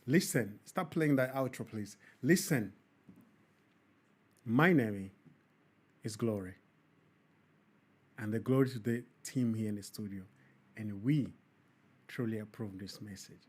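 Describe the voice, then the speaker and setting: A man's voice: fairly low pitch, measured pace, pauses often, a little mellow, breathy edge. A man hosting a studio talk show, closing it with earnest, preachy Christian words. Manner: earnest, preachy, then joking with studio crew. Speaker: host.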